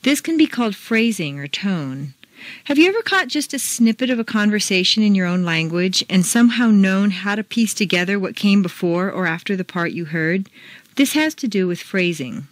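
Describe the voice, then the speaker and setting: A woman's voice: mid-range voice, animated, no room sound. Woman, accent-drill instructor, bouncy melodic delivery, dead-dry booth sound. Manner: slow, deliberate drill reading with exaggerated intonation. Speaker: pronunciation teacher. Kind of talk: scripted accent-training lesson.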